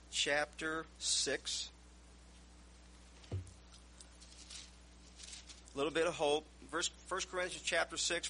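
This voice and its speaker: A man's voice: a little high, bright, forceful tone, slight background noise, rough recording. A man preaching a sermon, telling stories and reading scripture aloud with rising emphasis. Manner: storytelling, raises voice reading scripture.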